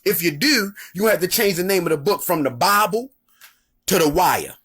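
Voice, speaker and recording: A man's voice: fairly high pitch, lively intonation, normal speed, fairly bright tone, breathy edge. A man with a Baltimore accent telling comic stories in a profane, conversational monologue. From Baltimore, Maryland. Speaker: comedian. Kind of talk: comedic storytelling monologue.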